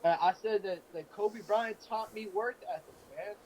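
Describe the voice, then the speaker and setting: A man's voice: high-pitched, normal speed, darkish tone, slight background noise, poor audio. A man telling sports stories in an earnest, emotional way during a casual talk show. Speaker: co-host.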